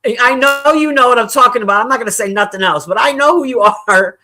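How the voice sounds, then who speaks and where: Live streamer, casual chat, laughs a lot, curses freely, blunt opinions, mid pitch. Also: quick pace, sharp tone. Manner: profane, joking, laughs often.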